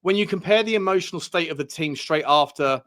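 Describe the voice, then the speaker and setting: A man putting on a mock Spanish accent to read a football manager's press-conference quotes, in a halting way with restarts. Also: on the high side, fairly bright tone, close to an everyday voice. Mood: quoting.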